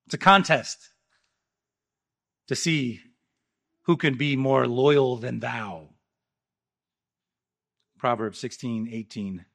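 A man preaching a sermon, emphatic, rising loud and then dropping quiet. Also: mid-range voice, takes it slowly, gravelly, pauses often. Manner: emphatic preaching, swinging between loud rises and quiet drops. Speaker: pastor.

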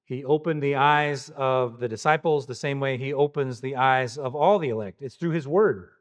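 A man preaching a verse-by-verse sermon, pressing his listeners with repeated rhetorical questions. He leans hard on key words for emphasis and speaks in a voice of ordinary pitch for a man. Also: moderate pace. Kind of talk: expository sermon.

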